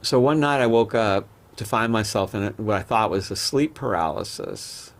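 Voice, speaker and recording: This podcast guest has a lowish, animated voice and talks at a normal speed. He wanders through personal anecdotes in a candid, casual way, often starting his sentences over, in a relaxed interview-storytelling style.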